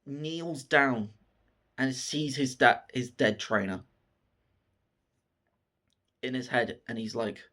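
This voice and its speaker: Man, casual film recap, swears freely, slow delivery. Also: medium pitch. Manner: profane, excited storytelling. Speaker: film reviewer.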